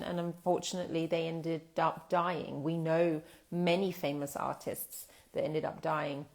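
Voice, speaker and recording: Lower-voiced British woman teaching English. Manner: explanatory, thoughtful, with fillers and restarts. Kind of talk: live online English lesson.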